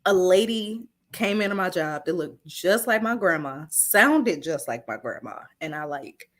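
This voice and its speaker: A woman guest telling personal stories in a casual interview, animated and giggling, acting out what others said. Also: on the low side, measured pace. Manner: acts out other people's lines in shifting voices.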